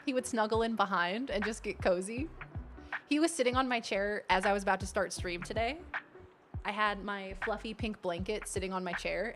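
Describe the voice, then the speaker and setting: A woman's voice: mid-range voice, a bit bright. A woman streaming a game, chatting casually with viewers and reading the game's text aloud.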